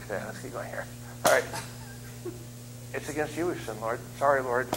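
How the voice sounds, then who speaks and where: A man's voice: mid-range voice, brisk, very noisy. A middle-aged man preaching a sermon in a church, joking and acting out voices. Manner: joking, animated, acts out voices and screams. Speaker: guest preacher. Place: church sanctuary.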